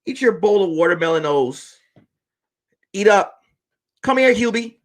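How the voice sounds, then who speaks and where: A man's voice: sits high, animated, measured pace. A man voicing a bossy, doting wife who scolds and urges her husband on, cursing and repeating his pet name.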